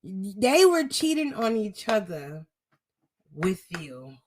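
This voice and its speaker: A woman's voice: mid-range voice, sing-song, takes it slowly. Blunt, laughing woman hosting a podcast. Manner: blunt, profane, laughs often. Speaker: podcast host. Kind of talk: casual chat.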